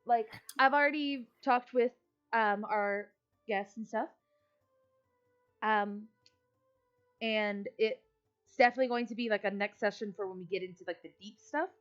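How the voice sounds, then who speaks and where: A woman's voice: medium pitch, measured pace, long pauses, fairly bright tone, highs cut off, soft background music. A woman running a tabletop game as game master, talking casually with many fillers.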